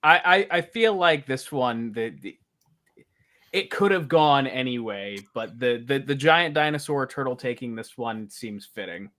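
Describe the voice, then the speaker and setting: A man's voice: mid-range voice, animated, a little slow, a bit bright. A man co-hosting a casual fan podcast who starts his sentences hesitantly and stumbles over words. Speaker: podcast co-host. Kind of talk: casual panel chat.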